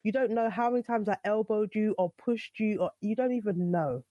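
A woman's voice: mid-range voice, a little fast, no room sound, lo-fi sound. Exasperated woman retelling a night. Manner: exasperated, retelling with quoted dialogue. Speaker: host's wife telling her side. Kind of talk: casual storytelling.

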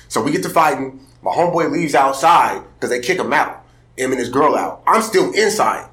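Seattle guy on a podcast telling a story fast, bright voice, echoey room. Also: mid-range voice. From Seattle, USA. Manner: animated, fast, keeps checking in with listeners. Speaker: podcast guest. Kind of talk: casual storytelling. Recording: roomy echo.

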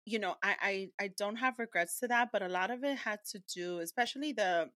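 A woman podcast host with a bright, forceful voice, expressive and conversational. She often turns to her guest with "right?" The recording is close and dry. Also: medium pitch, fairly quick, dry recording. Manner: expressive, says "right?" a lot. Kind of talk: casual podcast chat.

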